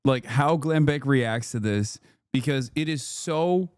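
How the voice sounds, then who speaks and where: A man streaming reaction commentary, animated and mocking, swearing and laughing often. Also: mid-range voice, slow, dry recording, studio quality.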